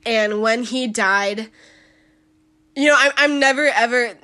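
A woman's voice: a little high, takes it slowly, pushed and bright. A woman hosting a solo podcast, talking bluntly and emphatically in a casual commentary style. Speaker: podcast host.

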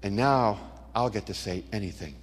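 A man's voice: on the low side, moderate pace. A middle-aged man giving a dramatic testimony sermon, telling stories with punchy asides. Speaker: Christian speaker. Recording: long hall reverb.

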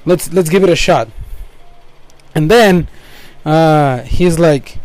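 Young man, fairly high voice, rambling casual storytelling, lots of restarts. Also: takes it slowly, long pauses, a little mellow. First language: Spanish. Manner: rambling with frequent restarts and asides. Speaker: storyteller recounting his work. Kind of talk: casual first-person storytelling.

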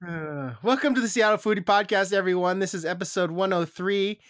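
A man's voice: high-pitched, a little fast, fairly bright tone, no room sound, clean studio sound. A man co-hosting a food podcast, chatting casually and joking about himself, laughing often. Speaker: podcast co-host. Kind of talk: casual chat.

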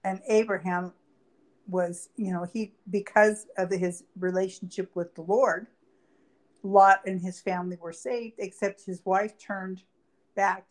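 A woman reading Bible verses aloud and explaining them in conversation as a podcast co-host. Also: on the low side. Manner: reads scripture aloud then explains it conversationally. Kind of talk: Bible study talk.

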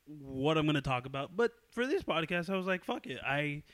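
A young man hosting a casual podcast chat, excitable and swearing often, breaking into loud laughter. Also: on the high side, fairly quick, no echo. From New York. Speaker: podcast host.

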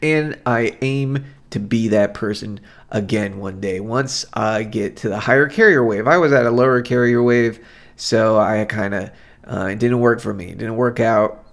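A man's voice: lowish voice, normal speed, vocal fry. A man hosting a solo podcast, talking in a rambling, self-deprecating and reflective way. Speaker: podcast host. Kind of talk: casual solo podcast monologue.

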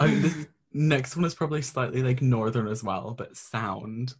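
A man's voice: mid-range voice, normal speed, breathy edge. A young man from Scotland whose accent mixes Scottish, American and English, chatting casually as a guest and saying "like" a lot. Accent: mixed Scottish, American and English. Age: young adult. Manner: chatty, says "like" often. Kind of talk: casual chat.

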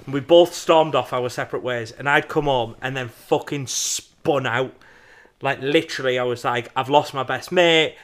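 A man's voice: medium pitch, normal speed. A man co-hosting a podcast, telling a personal story in a rambling, casual way with lots of fillers. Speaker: podcast co-host. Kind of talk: casual chat.

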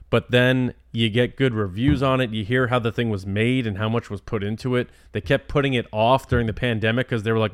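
A man's voice: medium pitch, smooth, no room sound, clean studio sound. A man in his thirties co-hosting a movie podcast, chatty, jokey and enthusiastic. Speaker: podcast co-host. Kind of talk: casual podcast chat.

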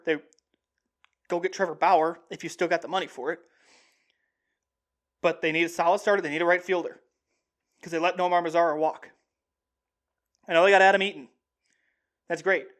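A young man hosting a sports show, talking casually and excitedly in a rambling way with many restarts. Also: high voice, normal speed, long pauses. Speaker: sports podcast host. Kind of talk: casual sports talk monologue.

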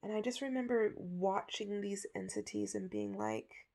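A woman's voice: medium pitch, very animated, moderate pace, gravelly, a little mellow. A woman hosting a podcast, telling a story in a casual, chatty way with lots of fillers. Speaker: podcast host.

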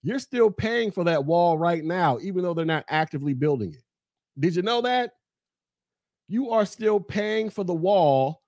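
A man's voice: high voice, lively intonation, moderate pace, a little mellow, dry recording. A man from the United States hosting a podcast, ranting angrily about politics, heated and profane, mocking his listeners and repeating phrases for emphasis. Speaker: podcast host. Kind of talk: angry political rant.

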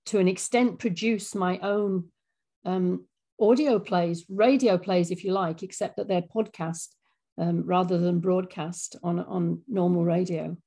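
An English woman in her fifties talks as an interview guest, her voice carrying a gravelly edge. She speaks at a thoughtful, unhurried pace with a self-deprecating humour. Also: lowish voice, warm tone. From England. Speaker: audio drama writer, guest. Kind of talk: casual interview chat.

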